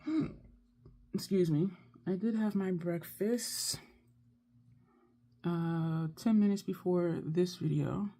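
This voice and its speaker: Woman makeup vlogger, low register with vocal fry, chatty and thinking out loud. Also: slow pace, long pauses. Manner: chatty, thinks aloud while working. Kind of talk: casual makeup tutorial chat.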